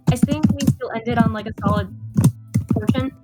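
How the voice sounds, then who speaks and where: A woman's voice: fairly high pitch, moderate pace, loud music behind the voice. A woman game master chatting casually after a tabletop session over a voice call, talkative and prone to repeating herself with laughs.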